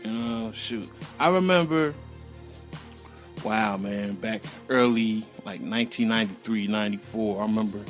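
A man's voice: lowish voice, moderate pace, faint music behind. A middle-aged man telling a personal story in a loose, profane, rambling way, acting out sounds as he goes. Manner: acts out sounds and voices animatedly.

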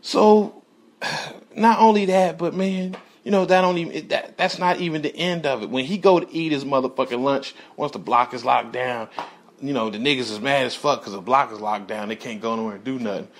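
A man's voice: medium pitch, fairly even intonation, normal speed. A man, a correctional officer, telling a story from work in a casual, profane way and laughing as he goes.

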